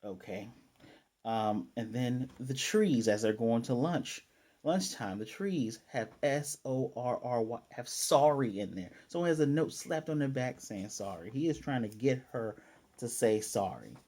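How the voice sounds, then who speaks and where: A man's voice: medium pitch, expressive, unhurried, darkish tone. A man casually recapping an anime episode, chatty and self-correcting, with playful asides. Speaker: anime reviewer.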